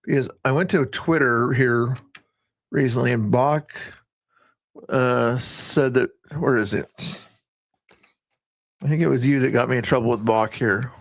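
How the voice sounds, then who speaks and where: A man's voice: mid-range voice, measured pace, long pauses, no room sound. A man hosting a casual livestream, rambling and often breaking off mid-sentence. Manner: rambling, self-interrupting. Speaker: livestream host.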